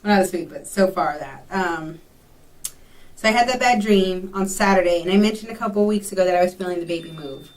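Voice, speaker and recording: A woman's voice: fairly low pitch, fairly quick, far from the mic. A young woman from Texas telling a rambling personal story in a casual vlog, full of ums and likes. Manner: chatty, rambling, with many fillers. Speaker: vlogger.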